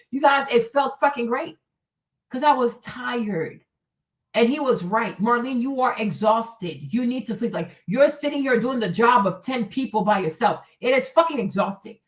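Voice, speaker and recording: A woman hosting a stream, ranting bluntly and profanely, mocking whiners and urging faith. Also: a little high. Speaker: host. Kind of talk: uncensored motivational rant. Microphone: streaming mic.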